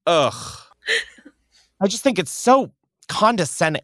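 A man's voice: sits high, very animated, normal speed, fairly bright tone, no echo. A man hosting a podcast, ranting in a dramatic, profane and exaggerated way in a studio. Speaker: podcast host. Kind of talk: casual comedic rant.

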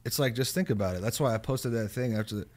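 A man's voice: mid-range voice, quick pace, darkish tone. A man talking in a loose casual chat, rambling with many fillers and restarts, and swearing now and then.

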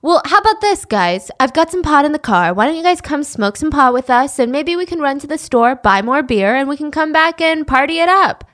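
A woman's voice: high-pitched, animated, a little fast, few pauses, fairly bright tone, pitched above the performer's own voice. A woman acting out a crude, pushy young man in a true-crime retelling, brash and insistent. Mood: wheedling.

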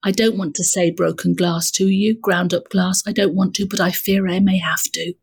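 A woman's voice: on the low side, fairly even intonation, normal speed, vocal fry, a little mellow, slightly rough, voice pushed down. A woman improvising a prim, genteel older village lady with a sinister streak, in a mock-innocent comic manner. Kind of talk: improvised comic role-play.

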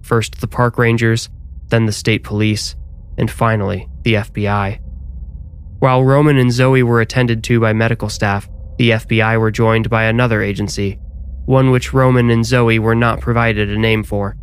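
A man reading a scripted horror story aloud, with measured, dramatic storytelling. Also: lowish voice, fairly even intonation, clear, resonant tone.

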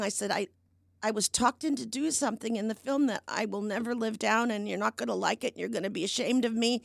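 A woman's voice: fairly high pitch, fast, vocal fry, no room sound, clean studio sound. A woman in her seventies, an actress guesting on a podcast, telling stories animatedly and acting out the people she quotes. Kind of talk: storytelling in a conversation.

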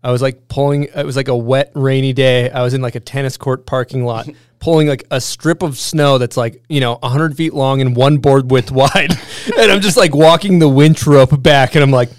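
A man telling animated stories in casual podcast chat, laughing as he goes. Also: medium pitch, moderate pace, smooth, no room sound, studio quality. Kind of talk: casual storytelling.

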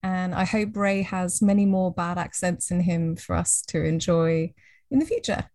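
A woman chatting on a podcast, her voice low for a woman and recorded dry and close. She talks playfully and laughs easily. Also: normal speed, a little mellow, dry recording. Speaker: podcast co-host. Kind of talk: casual podcast chat.

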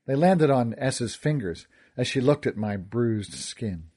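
A man narrating a first-person audiobook story, expressive and wisecracking in his character's dialogue. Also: medium pitch, unhurried, hardly any pauses, slightly rough.

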